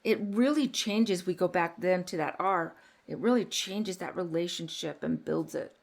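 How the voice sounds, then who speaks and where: A middle-aged woman hosting a parenting podcast, talking earnestly and getting animated when she tells stories. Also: on the low side, moderate pace, gravelly. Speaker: podcast host. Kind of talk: casual parenting podcast chat.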